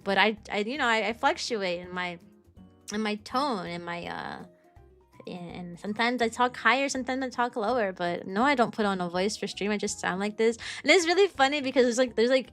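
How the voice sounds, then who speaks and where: A woman's voice: a little high, expressive, a little fast, fairly bright tone, faint music behind. A young woman from the United States, a streamer who teaches kindergarten, chatting casually with viewers and rambling with restarts and fillers. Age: young adult. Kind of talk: casual chat answering viewers.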